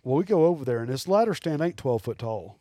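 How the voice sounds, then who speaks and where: A man, telling animated, rambling hunting stories as a podcast guest. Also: mid-range voice, fast, dry recording, studio quality. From Alabama. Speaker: guest taxidermist. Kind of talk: casual storytelling in a podcast interview.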